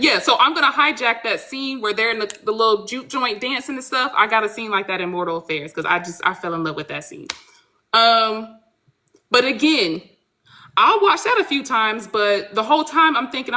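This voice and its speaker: A blunt, animated woman chats casually as a guest author. Her voice sits somewhat high with a bright edge. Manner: animated, blunt, swears freely. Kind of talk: casual podcast chat.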